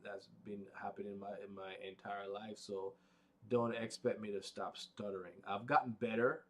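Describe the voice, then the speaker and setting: Low flat-voiced man who stutters. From United States, Pacific time zone. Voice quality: stutters, many fillers and restarts. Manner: unhurried, rambling, low-key. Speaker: vlog host. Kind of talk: casual live vlog talk.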